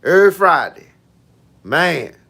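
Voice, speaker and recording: A man's voice: on the high side, sing-song, slow, gravelly, bright, forceful tone. A man, a fitness coach chatting casually with viewers on a livestream in laid-back, slangy banter. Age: 50s.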